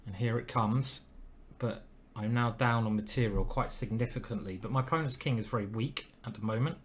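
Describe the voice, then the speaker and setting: A man's voice: medium pitch, fairly quick, a little hiss or hum. A man streaming live, commenting on his chess games and chatting to viewers with self-deprecating asides.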